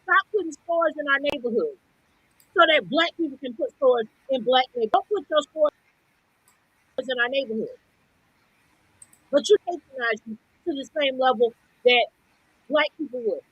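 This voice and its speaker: A woman's voice: high voice, moderate pace, long pauses, a bit bright, slightly rough, dry recording, highs cut off. A woman co-hosting a podcast, ranting in a blunt, profane, confrontational way. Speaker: podcast co-host. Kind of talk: heated podcast rant.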